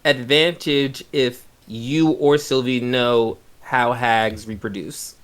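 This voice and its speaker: A man's voice: mid-range voice, steady tone, takes it slowly, fairly bright tone. A man running a tabletop game as game master, talking in a loose, rambling, jokey way.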